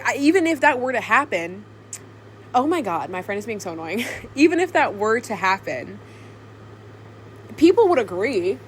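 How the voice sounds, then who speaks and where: Alone in a room, a young woman vlogs to her camcorder, chatting casually in a rambling, giggly way. Her voice is medium in pitch, with a little hiss or hum.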